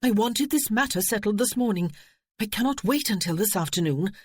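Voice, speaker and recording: A man voicing an emotional, distressed young gentlewoman in a storybook reading. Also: sits high, lively intonation, fast, husky, no echo, voice pushed up. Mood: pleading. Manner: pleading, emotional.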